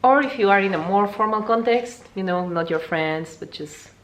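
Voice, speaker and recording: A young woman, not a native English speaker, teaching a casual video language lesson in a chatty way, jumping high in pitch to show words. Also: normal speed. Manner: lively, jumps high to demonstrate words, chatty with fillers.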